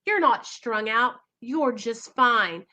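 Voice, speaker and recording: A coaxing, flattering inner voice of addiction, put on by a woman. It sounds bright and edgy and sits a touch high. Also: takes it slowly, full character voice.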